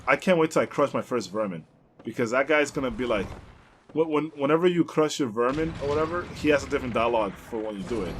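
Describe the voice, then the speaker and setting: A young man rambles through his gameplay commentary in an excitable, loose way, swearing often. His voice sits at an ordinary middle pitch. A faint background noise runs under the recording. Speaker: let's play host.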